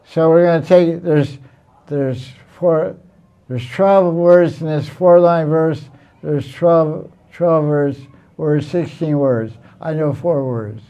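A man's voice: on the high side, fairly even intonation, takes it slowly, warm tone. A man teaching a Sanskrit class in a blunt, teasing way, often repeating himself. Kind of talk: informal classroom lecture.

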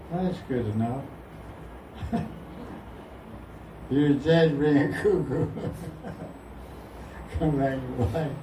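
Very slow, with long pauses, his medium-pitched voice is mellow over a little hiss or hum. He's a teacher explaining verses to a group in a casual, playful way, laughing and mimicking sounds, recorded at a distance in an echoey room.

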